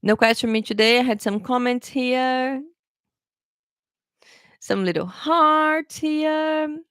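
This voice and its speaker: A woman's voice: fairly high pitch, fairly bright tone, no room sound, studio quality. A woman from Brazil with a Brazilian accent, an English teacher chatting on a live stream Q&A who keeps checking in with her viewers.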